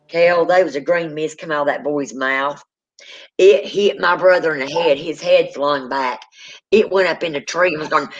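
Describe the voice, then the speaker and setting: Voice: mid-range voice, moderate pace, fairly bright tone. A speaker, telling a true ghost story in casual spoken style and acting out the people in it. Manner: dramatic, acts out quoted people. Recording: dull lo-fi sound.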